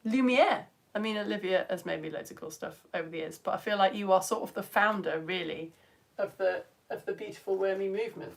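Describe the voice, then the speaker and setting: A woman, hosting a live science stream and chatting excitedly with viewers, her voice a little tired. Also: mid-range voice, a little fast, gravelly. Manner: animated, reads comments aloud, jumps between loud greetings and quiet asides. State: tired voice at end of term. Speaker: science show presenter.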